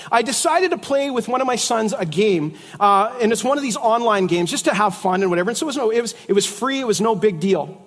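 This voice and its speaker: A man's voice: high-pitched, a bit bright, big-room sound. A middle-aged man preaching a sermon in a conversational way, with jokes and asides. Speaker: pastor.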